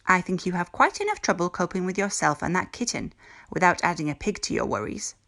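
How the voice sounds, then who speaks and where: A woman's voice: fairly low pitch, very animated, a little fast, vocal fry, a bit bright, heavily acted. A woman voicing a stern, cold adult witch teacher who speaks in a clipped, weary way.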